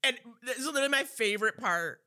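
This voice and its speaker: A woman's voice: on the high side, animated, quick pace, pushed and bright. A woman from the US co-hosting a podcast, chatting sassily with plenty of fillers about a film. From United States. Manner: sassy, hedging, full of fillers. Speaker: podcast co-host. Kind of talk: casual chat recapping a film.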